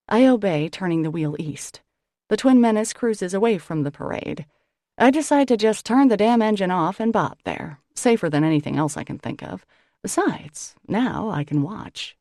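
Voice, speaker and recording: A woman reading a novel aloud in the first person, with a wry, expressive delivery. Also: fairly low pitch, moderate pace, no echo, clean studio sound. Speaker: audiobook narrator.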